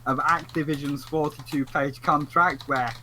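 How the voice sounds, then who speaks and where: A man hosting a casual podcast chat, animated and joking, slipping into theatrical asides. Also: fairly high pitch, moderate pace, a little hiss or hum, poor audio. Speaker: podcast host.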